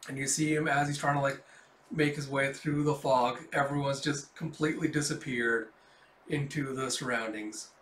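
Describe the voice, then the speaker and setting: A man's voice: mid-range voice, fairly even intonation, moderate pace, fairly bright tone, slight background noise. A man casually reading a comic book aloud, with swearing and laughing asides. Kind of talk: casual comic readthrough narration. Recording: roomy echo.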